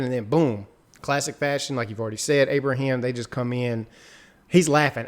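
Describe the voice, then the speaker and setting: A man co-hosting a casual recap chat, telling the story in an excitable, animated way. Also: medium pitch, brisk. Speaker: podcast co-host.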